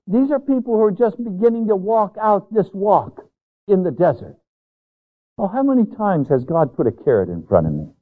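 A man's voice: high voice, sing-song, moderate pace. A man preaching a Bible teaching sermon as pastor, earnest and emphatic, stretching out words for weight. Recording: tinny phone-like audio.

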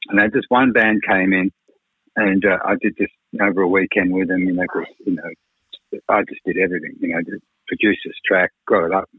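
A record producer spins long, frank anecdotes in a radio chat, leaning on "you know". His voice sits low with a husky grain. It comes through dry and tinny, like a phone line. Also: fairly even intonation, fairly quick, no echo. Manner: rambling, frank, peppered with "you know" and swearing. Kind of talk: radio interview storytelling.

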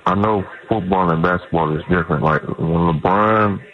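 A man's voice: low-pitched, normal speed. A man calling in to a sports radio show, earnest and rambling, circling back to the same point. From Cleveland, USA. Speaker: caller. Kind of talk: call-in sports radio talk. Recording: dull lo-fi phone call.

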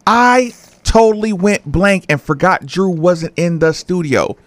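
A man's voice: high-pitched, measured pace, no room sound. A man hosting a casual sports talk show who teases his co-host and prods him with questions.

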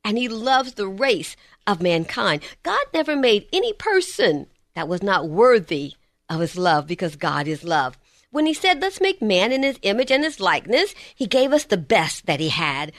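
A woman preaching a sermon, swinging between emphatic lines and hushed, slow ones. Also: mid-range voice, very animated, no room sound, clean studio sound.

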